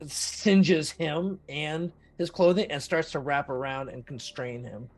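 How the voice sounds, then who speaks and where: A man running a tabletop role-playing game as game master, calmly ruling on attacks and narrating what happens. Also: fairly high pitch, slow.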